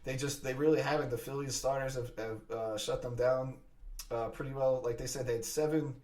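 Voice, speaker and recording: A man hosting a sports podcast, talking fast and excitedly in casual chat, often restarting his sentences. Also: mid-range voice, distant mic. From Philadelphia area. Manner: fast, excited talk with frequent restarts and fillers.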